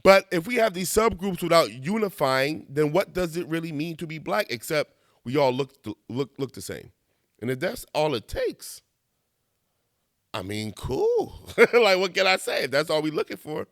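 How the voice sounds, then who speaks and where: Man, conversational monologue host, lively pitch, dry booth-like sound. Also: moderate pace, no room sound. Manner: animated, conversational, laughs at himself, slangy asides. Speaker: video essayist. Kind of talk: casual monologue.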